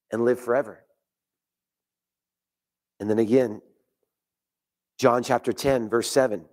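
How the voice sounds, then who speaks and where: A man preaching a sermon in church, earnest and steady, reading scripture aloud. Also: mid-range voice. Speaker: pastor.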